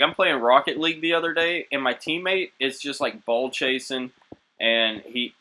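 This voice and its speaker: A man's voice: mid-range voice, slight background noise, poor audio. A young man co-hosting a casual chat, telling rambling stories with lots of laughter. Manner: laughing, rambling, animated storytelling. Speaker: co-host.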